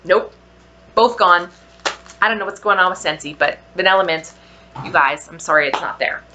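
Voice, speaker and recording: A woman vlogger giving a casual product review, gushing with drawn-out exclamations and soft whispered asides. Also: on the low side, lo-fi sound, a little hiss or hum.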